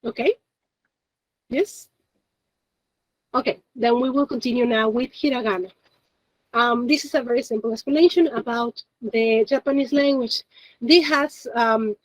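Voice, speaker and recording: A woman's voice: on the high side, no room sound, low-quality recording. Chatty woman teaching a class. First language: Spanish. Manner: chatty, explains step by step, laughs often. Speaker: Japanese teacher. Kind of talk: classroom lesson.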